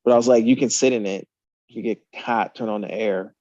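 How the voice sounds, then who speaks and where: A man's voice: on the low side, brisk, no room sound, highs cut off. Laughing man telling a story. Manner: animated, laughing, swearing storyteller. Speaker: guest on a truck talk show. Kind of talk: casual storytelling chat.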